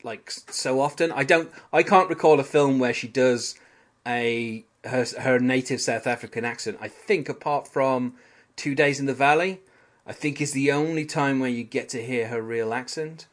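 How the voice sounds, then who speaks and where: In a mid-range voice at normal speed, a man with a British accent casually discusses a sitcom episode on his podcast. His take is analytical but rambling, peppered with fillers.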